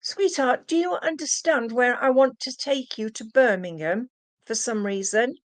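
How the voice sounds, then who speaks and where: This is a woman reading cards live for her viewers. She speaks in an unhurried way, in a slightly raised voice. She keeps calling them sweetheart as she passes on what the spirits tell her. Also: fairly high pitch. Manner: addresses viewers as sweetheart, relays spirit messages. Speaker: psychic medium. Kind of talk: live-streamed card reading.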